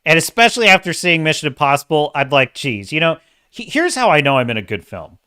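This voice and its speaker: A man's voice: on the high side, very animated, fast, bright, forceful tone, clean tone, no echo, studio quality. A man hosting a casual commentary show, ranting in an emphatic, exasperated way. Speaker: host.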